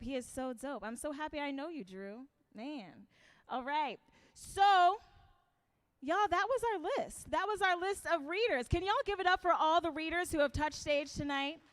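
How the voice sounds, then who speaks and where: A woman emceeing a live stage event, hyping up the crowd in excited, drawn-out calls. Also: high voice, no room sound.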